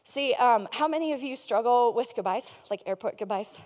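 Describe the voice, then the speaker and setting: Woman pastor, high voice, lively casual sermon storyteller, long church-hall reverb. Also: normal speed. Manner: lively storytelling, casual slang, acting out Bible scenes.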